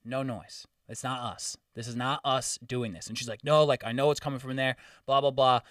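A man's voice: medium pitch, brisk, no echo, clean studio sound, distant mic. A man telling a story in casual chat, swearing freely and acting out the quotes. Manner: profane, animated storytelling with acted-out quotes.

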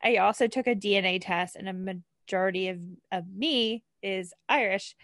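A woman's voice: medium pitch, moderate pace, fairly bright tone, dry recording, studio quality. A woman from New Jersey co-hosting a podcast in casual chat, bubbly and laughing often. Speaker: podcast co-host.

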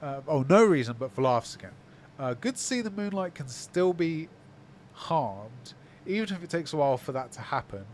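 A man co-hosting a casual podcast, reading listener comments aloud and reacting with quick, animated quips. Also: a little high, slight background noise. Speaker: podcast co-host.

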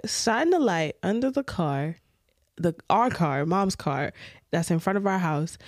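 A young woman co-hosting a podcast, telling a story in a casual, animated way and acting out the scenes. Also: on the low side, measured pace, no room sound, clean studio sound. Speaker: podcast co-host.

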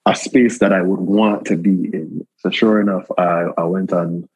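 A young Jamaican man chatting as an interview guest, telling stories in a laid-back, animated way. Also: deep voice, moderate pace, breathy edge, no room sound, rough recording. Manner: laid-back, animated storytelling with frequent asides. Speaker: guest creative. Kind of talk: casual conversational interview.

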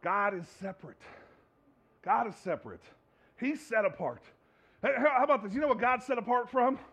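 A man's voice: extremely high pitch, expressive, moderate pace, a bit bright, breathy edge. A male pastor preaching a sermon in a conversational way, with joking asides and repeated phrases.

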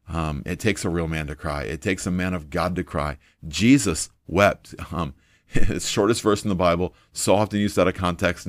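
A man's voice: deep voice, dry recording, clean studio sound. A man preaching an informal sermon in an earnest, conversational way, with frequent fillers.

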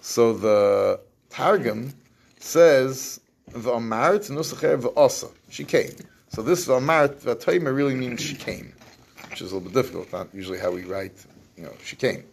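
A man's voice: medium pitch, expressive, moderate pace, gravelly, breathy edge. A man teaching an evening Torah class, reading verses, translating them and acting out what the people said, in Yeshivish English. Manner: Yeshivish English with Hebrew phrases.

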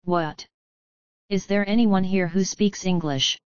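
A woman's voice: mid-range voice, slow pace, clear, resonant tone, dry recording, dull audio, natural voice. A woman voicing a polite, awkward young male wizard who asks hesitant questions.

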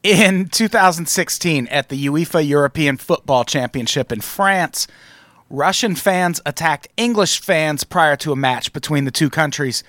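Sarcastic, fairly high-voiced male podcaster. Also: measured pace, a bit bright, no echo. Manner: wry, profane, sarcastic delivery. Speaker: podcast host. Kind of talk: casual chat.

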